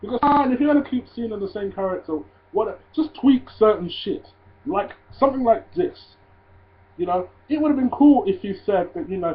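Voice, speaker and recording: A man casually reviewing a wrestling show, swearing freely and ranting in loud disbelief. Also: sits high. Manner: profane, ranting, gets loud and incredulous. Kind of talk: casual solo review vlog. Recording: tinny phone-like audio.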